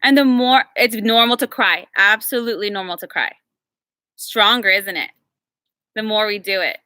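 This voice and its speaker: A woman energy healer leading a live group workshop, chatty and encouraging with the group, slowing to a measured invocation when she leads the prayer. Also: mid-range voice, bright, forceful tone, no room sound, clean studio sound. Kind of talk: live workshop teaching and guided meditation.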